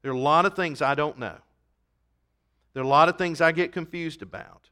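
A man preaching a sermon to a church congregation, earnest and emphatic, swinging from soft passages to loud appeals. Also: a little high, a little fast, smooth. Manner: reads scripture in King James wording. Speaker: pastor. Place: church service.

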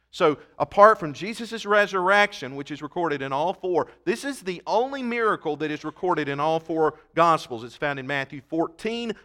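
Guy preaching in church, bright forceful voice, leans on words, plays with puns. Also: on the high side. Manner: emphatic, punchy wordplay, reads scripture aloud. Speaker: pastor. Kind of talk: sermon.

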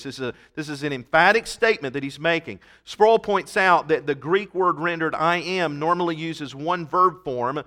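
Emphatic preacher with a bright voice. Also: male voice, on the high side, normal speed, hardly any pauses. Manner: emphatic, punchy wordplay, reads scripture aloud. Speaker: pastor. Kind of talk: sermon. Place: church.

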